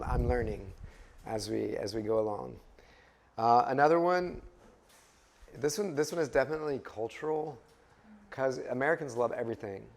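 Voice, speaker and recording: A man's voice: medium pitch, creaky, a little mellow. A man leading a Bible study class, speaking conversationally, putting questions to the group and often restarting his phrases. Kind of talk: interactive class teaching.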